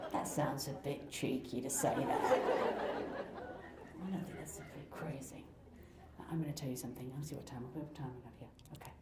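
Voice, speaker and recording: A woman in her forties performing a stand-up comedy set, animated and mocking slang in exaggerated voices. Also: low voice. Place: comedy night in a live venue with audience. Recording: echoey room, loud crowd laughter and noise.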